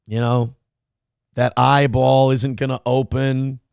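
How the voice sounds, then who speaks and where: Crude, gravelly male host. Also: medium pitch, animated, slow pace, pauses often, no room sound, clean studio sound. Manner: crude, joking, rambling. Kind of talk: livestream commentary, reading chat.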